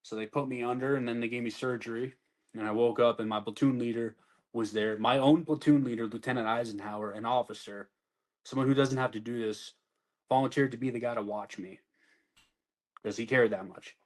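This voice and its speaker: A man's voice: medium pitch, fairly even intonation, brisk, rough recording. Brief: male veteran, blunt storyteller, swears freely, casual interview delivery. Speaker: army veteran telling his story.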